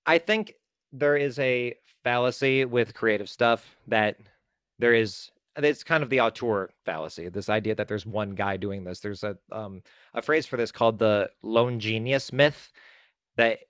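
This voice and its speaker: A man talking casually as a filmmaker guest in an interview, chatty and self-deprecating with quick asides. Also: medium pitch, fairly bright tone, dry recording.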